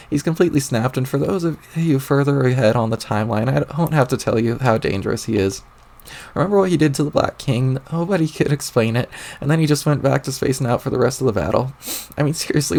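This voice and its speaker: A man voicing an angry, panicky young male troll who rants loudly and frantically and swears a lot, while reading a webcomic aloud on stream. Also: on the high side, vocal fry. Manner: loud, ranting, frantic.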